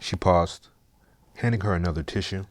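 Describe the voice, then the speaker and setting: A man narrating a story in a steady, measured, scripted way. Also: deep voice.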